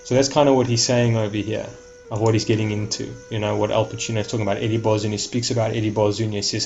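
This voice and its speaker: A man's voice: fairly low pitch, level tone, fast, gravelly, darkish tone, highs cut off, soft background music. A man talking casually to his viewers, rambling, repeating words and restarting sentences. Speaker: vlogger.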